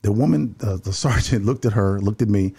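A man's voice: on the low side, gravelly, dark tone, slightly rough. A man who works building security, earnestly telling a story in conversation, often repeating his first words. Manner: rapid, earnest, repeats words when starting sentences.

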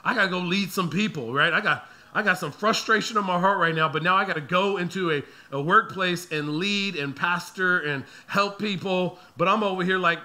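A man's voice: sits high, normal speed, few pauses, pushed and bright. A man in his thirties, a pastor telling a family story in a sermon and acting out the voices of his kids and himself.

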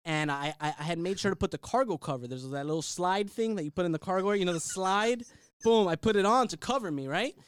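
A man's voice: high voice, animated, fast talker, smooth, dry recording, clean studio sound. A man telling a rambling, profane story, laughing and acting out the other people's voices. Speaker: guest storyteller. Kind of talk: casual storytelling.

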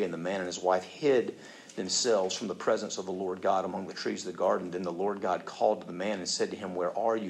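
A man's voice: lowish voice, a bit bright. A man preaching a sermon. He talks conversationally, often checks in with the listeners, and acts out the voices of people he quotes. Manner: conversational, asks listeners questions. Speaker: pastor.

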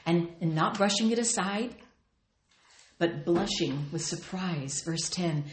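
Expressive woman teaching scripture, echoey room. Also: fairly low pitch, takes it slowly. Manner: earnest and expressive, reads scripture aloud with feeling. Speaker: Bible teacher. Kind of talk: Bible study teaching.

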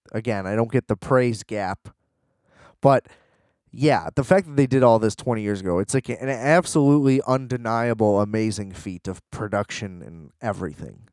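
A man's voice: mid-range voice, a little mellow, dry recording, clean studio sound. A young man in a rambling, sarcastic casual rant, full of fillers and restarts.

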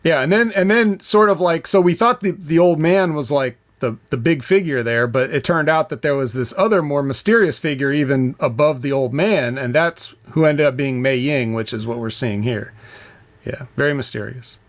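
A man co-hosting a wrestling review podcast, speaking casually with many hesitations and a dry, deadpan wit. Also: a little high, normal speed. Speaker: podcast co-host, former wrestler.

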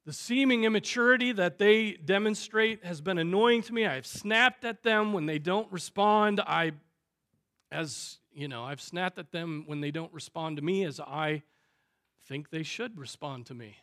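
High-voiced, bright preaching man. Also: a little slow. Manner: emphatic preaching with piled-up phrases and strong swings in loudness. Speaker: pastor. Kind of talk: sermon. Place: church sanctuary.

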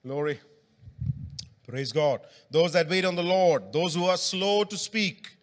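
A man whose voice leans high delivers a church-hall sermon at a measured pace, chatting informally and asking the congregation questions. His voice echoes with long hall reverb.

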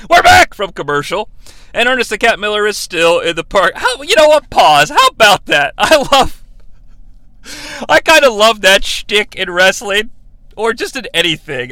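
A man hosting a podcast, giving a jokey, animated comedic recap of a wrestling broadcast. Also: high voice, dry recording. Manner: animated, jokey, laughs at his own asides. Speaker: podcast host.

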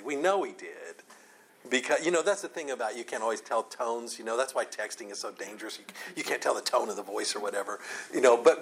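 Animated man teaching through a Bible passage. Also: mid-range voice. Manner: conversational, animated, acts out voices with sarcasm and laughs.

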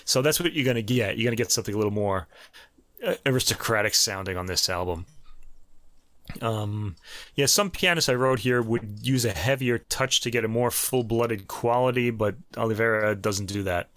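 A man's voice: on the low side, normal speed, fairly bright tone, dry recording. Chatty New York man reviewing piano music. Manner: conversational, chatty, many fillers and restarts. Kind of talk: casual spoken album review.

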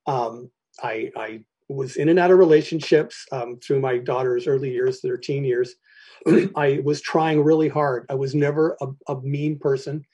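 A middle-aged man telling his personal recovery story to a meeting, halting and candid, often clearing his throat between phrases. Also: medium pitch, warm tone.

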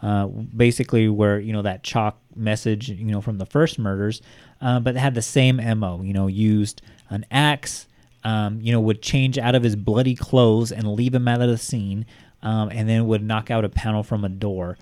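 A man's voice: fairly low pitch, fairly even intonation, moderate pace, a little mellow, no echo. A man hosting a casual true-crime podcast, rambling with lots of fillers and casual swearing. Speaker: podcast host.

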